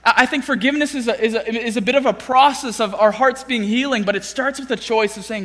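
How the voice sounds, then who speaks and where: A man's voice: very high voice, quick pace, hardly any pauses, a bit bright. A man preaching a sermon as pastor. He talks in a conversational way, with many restarts and questions like "right?". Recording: long reverb of a large hall.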